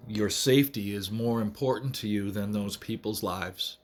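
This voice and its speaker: A man's voice: lowish voice, moderate pace, a little hiss or hum. A man giving an earnest, emphatic political monologue to camera, repeating phrases to drive his points home. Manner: earnest, emphatic, repetitive rallying speech. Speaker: vlogger.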